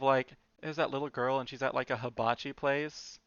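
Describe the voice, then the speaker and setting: Smooth-voiced man chatting on a stream. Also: mid-range voice, steady tone, normal speed, few pauses, fairly bright tone, dry recording, highs cut off. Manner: chatty, lots of "like" fillers, muttered asides. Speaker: streamer drawing live. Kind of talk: casual rambling stream chat.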